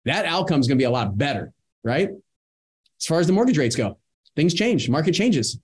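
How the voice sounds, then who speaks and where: A middle-aged man giving a motivational coaching talk, energetic and talking in bursts, often adding "right?" to his points. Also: fairly high pitch, brisk, slightly rough. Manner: energetic, talks in bursts with many "right?" asides. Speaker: real estate investing coach.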